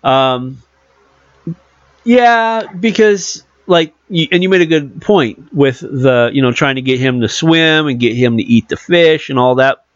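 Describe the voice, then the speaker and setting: A man's voice: medium pitch, a little slow, no echo. A man casually discussing a movie, retelling scenes animatedly with fillers like "uh" and "you know". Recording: dull lo-fi dry recording.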